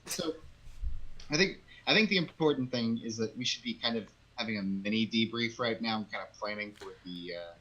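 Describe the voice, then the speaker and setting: A man playing a tabletop game, making dry, deadpan remarks in casual chat on a live stream. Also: fairly low pitch, a little fast, breathy edge, muffled recording. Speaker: player.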